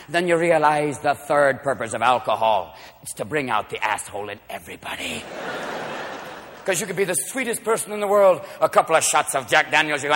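A man doing a stand-up comedy routine, manic and loud, jumping between shouted voices. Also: on the high side, lively intonation. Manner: manic, shouting, quick voice switches. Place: comedy stage before a live audience. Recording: live hall recording with crowd noise.

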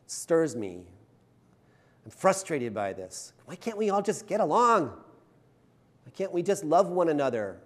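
With a sing-song voice on the high side, a male pastor preaches unhurriedly, leaving long pauses. His sermon is conversational, chatty and self-deprecating, and he frequently checks in with the congregation using "right?" tags.

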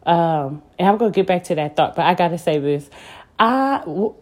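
Young woman, podcast host, casual faith talk, laughs often, animated storyteller. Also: lowish voice, normal speed.

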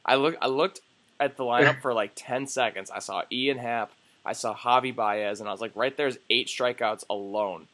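Young guy on a sports podcast, lively storyteller, swears a lot, middle-pitched voice. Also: moderate pace. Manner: animated storyteller, swears, acts out quoted voices. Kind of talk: casual chat.

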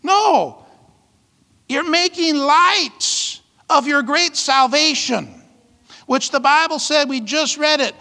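A man's voice: extremely high pitch, slow pace, sharp tone. A man pastor preaching a sermon with emphatic, fiery delivery and call-outs to the congregation. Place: church hall. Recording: long reverb of a large hall.

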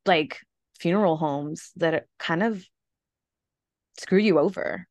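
Low-voiced woman, rambling podcast chat. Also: slow pace, a little mellow, no echo. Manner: rambling, trails off with fillers and nervous laughs. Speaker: podcast host. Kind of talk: casual conversation about grief.

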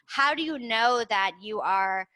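A woman's voice: on the high side, expressive, measured pace, bright, forceful tone, dry recording, poor audio. A woman hosting a podcast, encouraging her guest and asking long, winding questions. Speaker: podcast host. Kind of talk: casual podcast interview.

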